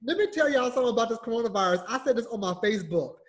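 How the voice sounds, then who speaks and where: A man co-hosting a casual podcast, telling a story in a loud, profane rant and acting out a heated phone call. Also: extremely high pitch, animated, very fast. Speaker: podcast co-host.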